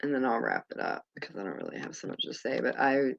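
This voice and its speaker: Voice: medium pitch, huge pitch swings, quick pace, vocal fry, muffled recording, a little hiss or hum. A livestream host chatting casually, rambling and distracted, swearing offhand while sorting out links. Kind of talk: casual commentary chat.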